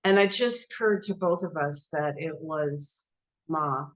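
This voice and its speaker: A woman shares a personal experience slowly and haltingly, circling back over her own words. Her voice sits a little low and unhurried. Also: rough recording. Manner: halting, self-deprecating, repeats herself. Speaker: devotee sharing a story. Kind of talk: casual personal storytelling.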